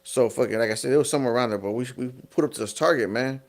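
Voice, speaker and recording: A man's voice: mid-range voice, rapid-fire. A man from Texas, a podcast guest, telling a long profane story in casual streetwise talk, full of "you know what I'm saying". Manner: animated when acting out quoted people.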